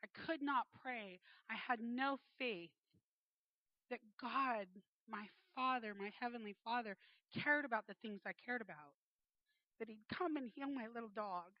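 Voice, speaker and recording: A woman's voice: a little high, unhurried, no room sound. A woman in her forties sharing a personal faith testimony, earnest and acting out the voices she quotes. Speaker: speaker giving a faith testimony. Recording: dull, slightly muffled dry sound.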